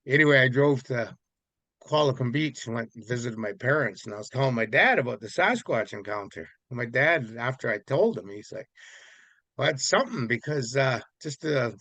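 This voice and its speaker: A man's voice: medium pitch, normal speed, dry recording, dull audio. A man from Vancouver Island, Canada, telling a story in a casual, rambling way as an interview guest. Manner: rambling, relaxed, many fillers.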